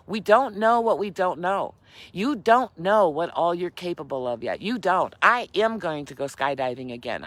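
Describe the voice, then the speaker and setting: A woman's voice: lowish voice, a bit bright, dry recording. An older woman and grandmother hosting a casual motivational live stream, repeating her key lines for emphasis and laughing often. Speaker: keto vlogger and host.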